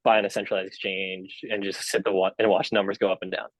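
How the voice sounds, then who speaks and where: A man's voice: deep voice, flat delivery, quick pace, no echo, rough recording. A young man as a podcast guest, talking casually and rambling with lots of fillers and restarts. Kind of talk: casual interview chat.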